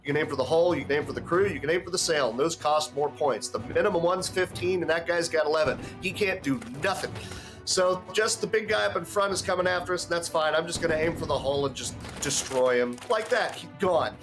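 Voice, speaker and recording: Man, slightly high voice, casual game commentary, frequent restarts, music behind. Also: fairly quick. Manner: explains game mechanics with frequent restarts and chuckles. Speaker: game player.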